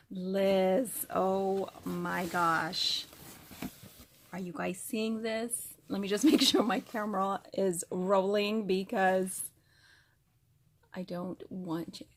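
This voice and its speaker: A woman's voice: medium pitch, very animated, very slow, creaky, slight background noise. A woman vlogger opening craft mail, gushing, gasping and squealing with delight as she talks to the camera. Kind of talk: excited unboxing chat to camera.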